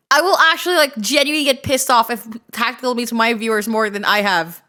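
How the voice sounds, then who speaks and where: Bright, high-voiced excitable woman streamer. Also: fairly quick, hardly any pauses. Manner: excitable, swears often, shouts and laughs. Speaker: streamer reacting live. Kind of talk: casual livestream chat.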